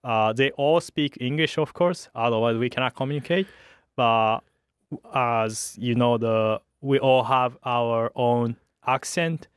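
Young Japanese man, halting English. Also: mid-range voice, clear, resonant tone, no echo, studio quality. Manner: hesitant, halting English with many uhs and light laughs. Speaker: fighter pilot guest. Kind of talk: radio interview.

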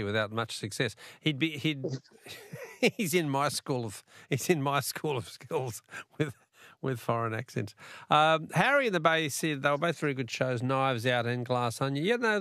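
Chuckling Australian radio quiz host. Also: male voice, medium pitch, gravelly, a bit bright, dry recording, studio quality. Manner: chatty, chuckling often. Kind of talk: casual talkback radio quiz.

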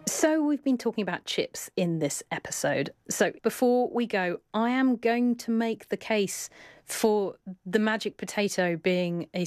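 A woman's voice: fairly low pitch, no room sound, clean studio sound. A woman hosting a radio show, chatty and playful as she takes listener questions. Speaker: radio host.

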